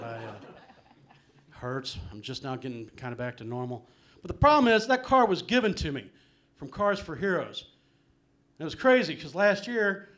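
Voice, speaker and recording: A middle-aged man working a small club stage with a slightly high voice. He rambles through his stories in a loose, self-deprecating way, tossing in "man" and "um" constantly. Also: a bit bright. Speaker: stand-up comedian. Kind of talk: live stand-up set. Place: small comedy venue with live audience.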